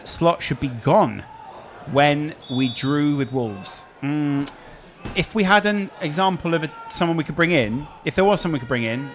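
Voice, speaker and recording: A man's voice: on the high side, fairly bright tone. A man with a Scouse accent hosting a casual live stream, chatting and answering viewer questions. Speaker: streamer host.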